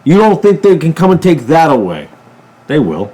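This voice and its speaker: A man from a ministry channel giving a political commentary monologue, emphatic, jumping from loud bursts to low mutters. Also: wildly swooping pitch, moderate pace, breathy edge. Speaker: ministry preacher.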